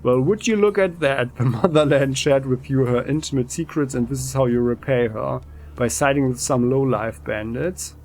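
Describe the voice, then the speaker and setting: A man's voice: medium pitch, normal speed, a little mellow, slight background noise, lightly acted. A man reading aloud the lines of a game's ex-soldier, who brags about a rifle, in his own plain voice. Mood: boastful. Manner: reads game dialogue aloud plainly.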